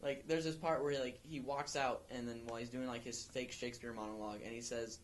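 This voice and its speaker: A man's voice: medium pitch, fairly even intonation, a little fast, slight background noise. A young man co-hosting an amateur podcast, chatting casually and rambling with many restarts. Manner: rambling, full of restarts and fillers. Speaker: podcast co-host. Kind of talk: casual chat.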